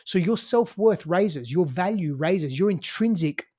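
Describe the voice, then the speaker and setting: Emphatic Australian man, slightly high voice. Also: lively intonation, unhurried, darkish tone. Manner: emphatic, sweary, full of "you know" and "right?". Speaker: podcast guest. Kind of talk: casual conversational advice.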